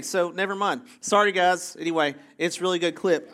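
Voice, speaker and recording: A male pastor with a slightly higher than usual voice, talking through his sermon in a loose, chatty way. He breaks off for jokey asides and keeps checking in with the room by asking "right?". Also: fairly even intonation, fairly quick, hardly any pauses, fairly bright tone. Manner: self-interrupting, jokey asides. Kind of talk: casual conversational sermon.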